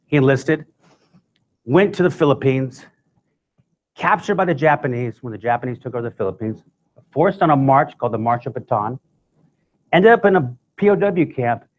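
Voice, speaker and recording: A man's voice: mid-range voice, lo-fi sound. Male guest speaker, conversational, comic storytelling. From United States. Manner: conversational, joking asides.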